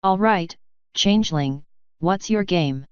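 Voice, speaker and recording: A woman voicing a fierce, quick female griffin guard with a curt, commanding manner, in a dull lo-fi recording. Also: fairly low pitch, smooth, no room sound.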